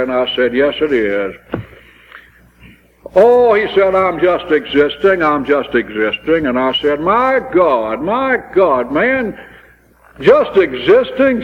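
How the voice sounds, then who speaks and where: A pastor with a slightly high voice preaches a sermon, telling stories that build to impassioned, pleading climaxes. The recording is old and dull, made in a large hall, with a little hiss or hum.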